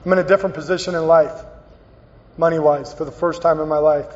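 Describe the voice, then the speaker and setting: A man's voice: a little high, steady tone, a little mellow. Earnest man telling his story in a hall. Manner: earnest, halting storytelling with repeated phrases. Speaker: guest speaker at a recovery meeting. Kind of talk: personal recovery talk. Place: meeting hall. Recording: dull, echoey hall recording.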